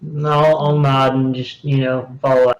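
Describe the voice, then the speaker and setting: A man's voice: medium pitch, little pitch movement, measured pace, muffled recording. A man playing a tabletop game, talking casually and hesitantly. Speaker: player.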